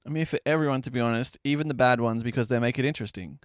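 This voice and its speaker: Brief: male streamer, mid-pitched, casual and profane, quick to laugh, bone-dry close mic at a home desk. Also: clear, resonant tone, dry recording. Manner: joking, swears freely, laughs often. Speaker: live streamer. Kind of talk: casual live-stream chat. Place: home desk while baking.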